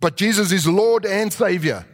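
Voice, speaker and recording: A man preaching a sermon with animated delivery, acting out quotes and rising to shouts. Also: high-pitched, normal speed. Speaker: pastor. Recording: long reverb of a large hall.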